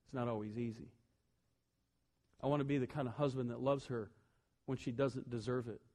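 A man preaching a sermon as pastor, telling humorous personal stories and swinging from loud emphasis to quiet, earnest asides. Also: mid-range voice, steady tone, a little fast.

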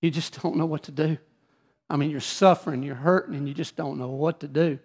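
A middle-aged man preaching a midweek sermon in a voice sitting a little high for a man. He reads scripture steadily, then sinks to a hushed, slow delivery when he speaks of his own trials. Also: fairly even intonation, husky. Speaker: pastor.

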